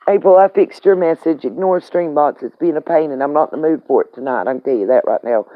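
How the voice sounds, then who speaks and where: A woman with a low voice hosts a live stream from a vehicle on the road, ranting angrily in heated, profane slang at a moderate pace. The audio is tinny and phone-like, with no echo.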